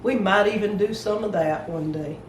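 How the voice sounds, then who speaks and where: A woman's voice: medium pitch, moderate pace, echoey room, distant mic, slight background noise, rough recording. An older woman with a Southern US accent, co-hosting a homestead channel and chatting plainly and homey with viewers. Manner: plainspoken, homey, explains things. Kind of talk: casual chat to viewers.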